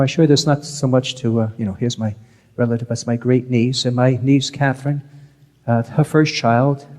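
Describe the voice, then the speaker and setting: A man's voice: medium pitch, mellow. A man, a priest, giving a conversational sermon, repeating key phrases for emphasis. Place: church. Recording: church with long reverb.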